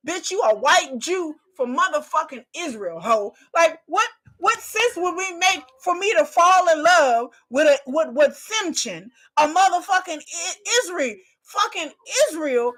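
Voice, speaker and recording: High, lively woman ranting profanely. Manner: swears constantly, breaks into laughter, repeats lines for emphasis. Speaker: live reaction streamer. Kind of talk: profane comedic rant.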